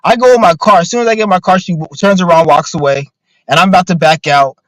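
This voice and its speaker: A man's voice: high voice, fast, fairly bright tone, no room sound, poor audio. A man ranting casually on a livestream, profane and rambling with lots of filler words. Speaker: streamer.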